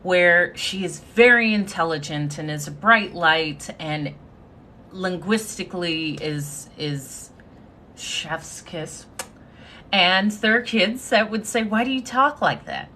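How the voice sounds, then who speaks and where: A woman's voice: on the low side, animated, a little slow, pushed and bright, slight background noise. A woman giving a confident, sassy motivational talk on a live stream, thanking her viewers as she speaks. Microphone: phone.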